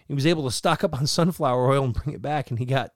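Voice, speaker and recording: A man co-hosting a podcast in relaxed casual chat, joking around and slipping into playful mock voices. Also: mid-range voice, fast, dry recording, clean studio sound. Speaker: podcast co-host.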